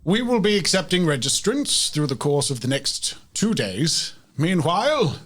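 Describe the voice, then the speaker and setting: A game master voicing a male army captain who proclaims a royal decree in a strong, slow and formal way. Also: a little high, big pitch swings, fairly bright tone, voice pushed up, exaggerated voice. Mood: proclaiming. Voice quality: strong, commanding.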